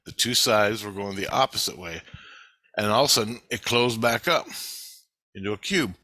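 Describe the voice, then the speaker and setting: A middle-aged man vlogging, telling a story in a rambling, excitable way with frequent swearing. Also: lowish voice, moderate pace, no room sound. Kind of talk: casual storytelling.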